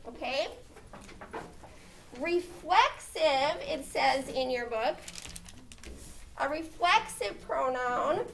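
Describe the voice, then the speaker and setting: A woman's voice: high-pitched, vocal fry, a bit bright, slight background noise. A woman teaching a grammar lesson, checking in with "okay?" as she explains. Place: classroom. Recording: echoey classroom, mic far off.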